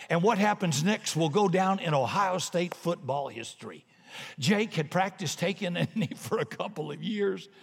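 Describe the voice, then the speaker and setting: Animated preacher in an echoing hall. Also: male voice, a little high. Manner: animated, swings from hushed to shouting. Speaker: pastor. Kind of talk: sermon with storytelling. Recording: long reverb of a large hall.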